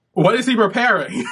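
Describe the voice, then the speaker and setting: A man hosting a reaction video, talking casually and excitably, swearing freely and exclaiming at what he sees. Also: high voice, breathy edge.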